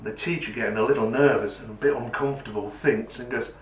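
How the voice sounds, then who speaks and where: A man with a British accent hosting a comedy channel, telling jokes as an animated storyteller who laughs at his own punchlines. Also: medium pitch, quick pace, few pauses. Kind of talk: joke telling. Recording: roomy echo.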